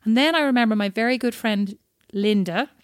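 A woman's voice: fairly high pitch, fairly quick, no room sound. Irish girl cohosting a podcast, chatty and self-mocking, dead dry close mic. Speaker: podcast co-host. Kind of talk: casual chat.

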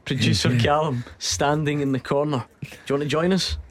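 A man's voice: on the high side, brisk. A man hosting a football radio show, chatting casually and teasing his co-hosts. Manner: chatty, teasing, laughs often. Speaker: radio sports show host.

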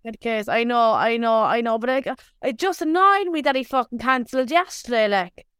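A woman co-host drops in short replies and questions during casual chat. Her voice is high, and the sound is dry and close. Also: lively intonation, normal speed, fairly bright tone, clean tone, no room sound. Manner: brief interjections and questions. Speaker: podcast co-host.

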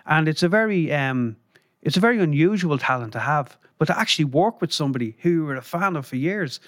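A man's voice: a little high, expressive, quick pace, a bit bright, no room sound, clean studio sound. An Irish man, a guest on a podcast, telling anecdotes in a rambling, chatty way, with lots of fillers and chuckles. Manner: rambling, lots of "you know" and "um", chuckles while telling stories. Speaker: guest, former band crew member. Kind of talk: casual anecdotal storytelling. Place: podcast studio.

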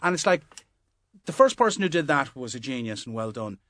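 A man's voice: medium pitch, very animated, a little fast, a bit bright, no room sound, clean studio sound. A man from Limerick, a guest on a radio panel, making his points emphatically through stories. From Limerick, Ireland. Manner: anecdotal, emphatic.

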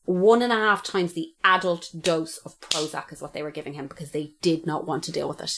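A woman's voice: deep voice, steady tone, brisk, background noise. A woman co-hosting a podcast, talking casually and bluntly, swearing freely and retelling what people said. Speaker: podcast co-host. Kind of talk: casual true-crime podcast chat.

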